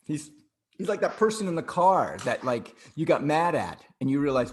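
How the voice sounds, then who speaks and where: A man's voice: a little high, very animated, a little slow. A middle-aged man co-hosting a podcast over a video call, talking things over reflectively and often repeating words while he thinks. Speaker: podcast co-host.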